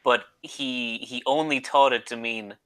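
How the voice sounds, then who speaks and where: A man's voice: mid-range voice, fairly even intonation, a little slow, sharp tone, rough recording. A man co-hosting a podcast, telling a story in casual chat with some hesitation. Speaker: podcast co-host.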